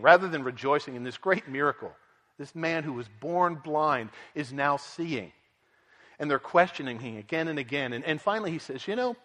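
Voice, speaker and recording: A man's voice: mid-range voice, a bit bright. Earnest preacher man in a reverberant hall. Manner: earnest expository preaching with dramatic quoted voices. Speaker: pastor. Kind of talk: sermon.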